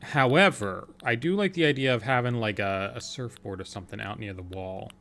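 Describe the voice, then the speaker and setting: A man's voice: mid-range voice, brisk, vocal fry, fairly bright tone, faint music behind. A man casually commenting on his gameplay, thinking aloud in a chatty, playful way and answering his chat. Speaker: game streamer.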